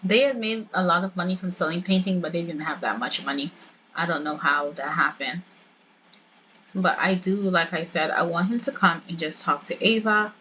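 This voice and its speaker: A woman's voice: fairly low pitch, normal speed, bright, forceful tone, lo-fi sound, slight background noise. A young woman casually narrating her life-sim let's play, chatty and storytelling. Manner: chatty, storytelling, laughs often.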